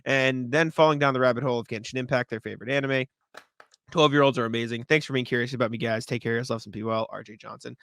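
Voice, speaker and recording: A man's voice: medium pitch, fairly even intonation, vocal fry, a bit bright. A man in his twenties co-hosting a sports podcast, chatting casually, reading listener mail aloud and laughing often. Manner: quick, chatty, laughs often between remarks. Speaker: podcast co-host.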